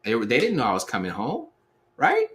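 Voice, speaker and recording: A man in his thirties telling a personal story in a relaxed, slangy way, acting out the quotes as he goes. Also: medium pitch, fairly quick. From Seattle area, USA. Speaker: speaker sharing life advice. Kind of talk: storytelling talk.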